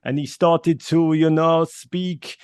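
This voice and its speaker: In relaxed radio conversation, a middle-aged Northern English guest spins self-deprecating, playful anecdotes. He speaks at a moderate pace in a higher-leaning voice, recorded in studio quality with no room sound.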